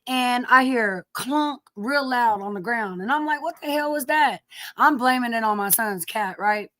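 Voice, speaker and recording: A woman's voice: a little high, a little slow, bright, forceful tone. A middle-aged woman hosting a casual live stream from home, greeting viewers by name, sniffly from allergies and cursing lightly as she chats.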